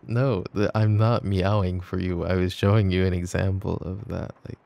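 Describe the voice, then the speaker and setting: A man voicing a needy, teasing boyfriend in a whispered role-play, playful and laughing as he switches between whispers and soft talk. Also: low voice, flat delivery, moderate pace, gravelly. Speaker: ASMR voice actor.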